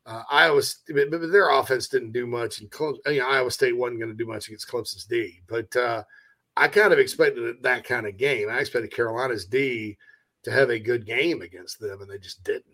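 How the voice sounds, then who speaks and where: A man's voice: mid-range voice, normal speed. Easygoing male sports show host. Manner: relaxed, rambling, with restarts. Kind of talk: casual sports talk, reading viewer chat.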